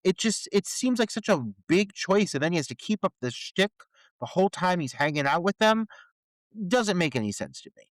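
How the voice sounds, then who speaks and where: A male podcast co-host picks apart a movie's plot holes with swearing and incredulous energy. His pitch rises and falls in lively swings. The sound is dry and close. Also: normal speed, dry recording. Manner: incredulous, profane, ranting about plot holes. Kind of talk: casual film review chat.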